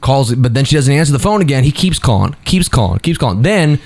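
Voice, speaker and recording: A man's voice: medium pitch, sing-song, fast, a little mellow. A young man on a podcast telling a long story in a rambling, casual way, full of fillers and restarts.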